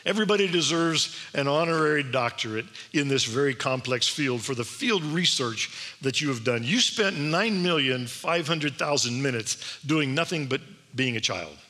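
A man's voice: mid-range voice, pushed and bright. A man giving an emphatic sermon-style address to an audience in a large hall, asking many rhetorical questions. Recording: long hall reverb.

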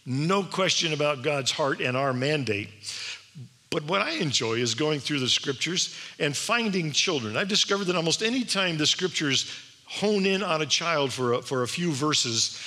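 Bright-voiced man preaching in a hall. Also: fairly high pitch, expressive, normal speed. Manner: emphatic, with rhetorical questions. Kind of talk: sermon-style address. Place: large hall with an audience. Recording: long hall reverb.

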